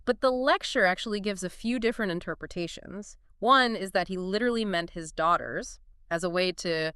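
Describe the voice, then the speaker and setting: A woman's voice: medium pitch, brisk, a bit bright, clear, resonant tone, dry recording, clean studio sound. A woman co-hosting a casual podcast discussion, chatty and explanatory, often saying "like" and "you know". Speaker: podcast co-host explaining a lecture.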